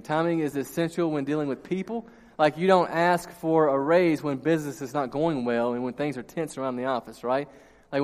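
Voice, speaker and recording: Male pastor, animated sermon storyteller, a bit high-pitched, reverberant church hall. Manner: storytelling, animated, laughs at own jokes. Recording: long reverb in a large hall.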